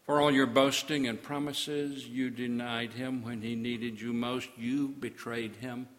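A man delivering a dramatic, accusing sermon monologue, swinging between hushed and loud. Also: medium pitch, little pitch movement, a little slow, long reverb tail.

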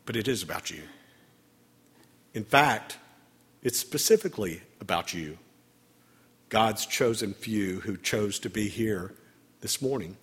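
Husky-voiced man preaching in a reverberant church. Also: lowish voice, lively intonation, a little slow, long pauses. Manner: conversational, gently humorous preaching. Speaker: priest. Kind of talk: sermon. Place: church sanctuary.

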